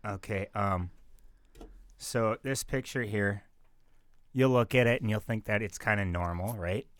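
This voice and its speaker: A man co-hosting a podcast, telling everyday stories in a dry, low-key way. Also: unhurried, a bit bright, no echo. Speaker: podcast co-host. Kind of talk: casual podcast storytelling.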